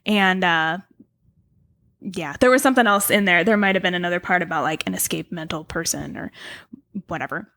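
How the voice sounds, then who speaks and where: A woman co-hosting a podcast, telling a story in casual chat with quick asides and a giggly manner. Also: mid-range voice, a bit bright, no echo. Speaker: podcast co-host.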